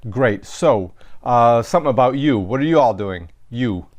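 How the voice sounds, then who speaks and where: A man's voice: mid-range voice, expressive, moderate pace, lo-fi sound. A man teaching a recorded lesson, explaining sentences step by step in a methodical way, with some fillers and self-corrections. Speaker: Latin teacher. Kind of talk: recorded lecture walking through sentences.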